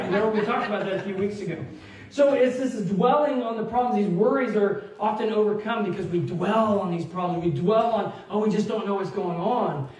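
Animated man preaching in an echoey church. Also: high-pitched. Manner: animated storytelling, acts out quotes, laughs along. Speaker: pastor. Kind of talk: sermon with personal story. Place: church sanctuary. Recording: very echoey church hall, distant mic.

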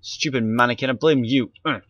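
This gaming YouTuber talks a little fast in a mid-range, somewhat bright voice while playing a horror game, scaring easily, swearing and yelping suddenly again and again. A handheld camera mic captures him with no echo but dull audio.

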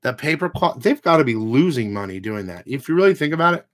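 A man's voice: medium pitch, big pitch swings, quick pace. A man hosting a comic book channel, ranting casually to his viewers, blunt and profane, with rambling asides.

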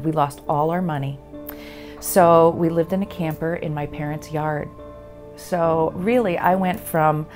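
A woman veteran giving a halting, earnest personal testimony. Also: lowish voice, darkish tone. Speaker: veteran sharing her story.

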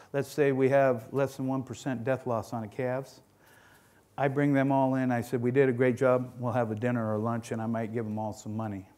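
A man's voice: mid-range voice, a little mellow. Folksy middle-aged man telling farm stories. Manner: folksy storytelling, frequent restarts and repeated words. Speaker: dairy farm owner giving a talk. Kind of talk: conference presentation.

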